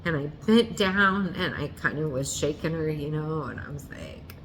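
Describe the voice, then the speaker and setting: A woman telling a painful personal story in an earnest, halting way, often restarting and correcting herself. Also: deep voice, animated, fairly bright tone, a little hiss or hum.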